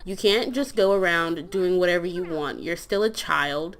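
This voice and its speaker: A woman's voice: fairly low pitch, normal speed, fairly bright tone. A woman voicing an angry, exasperated mother who rants about her son skipping school in a life-sim game. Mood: angry scolding. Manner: ranting, exasperated. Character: angry scolding mother of a teenager.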